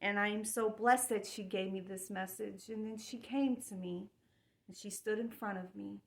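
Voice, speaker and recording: A woman's voice: medium pitch, fairly even intonation, normal speed, creaky. A woman speaking in a heartfelt personal monologue, earnest and spiritual, often repeating herself. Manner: earnest, spiritual, emotional with repetitions. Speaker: vlogger.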